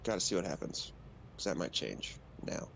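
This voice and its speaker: A man's voice: low-pitched, big pitch swings, moderate pace, vocal fry, a bit bright, a little hiss or hum, low-quality recording. A man playing a tabletop game, playfully and vividly describing his moves. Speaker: player. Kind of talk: casual tabletop game chat.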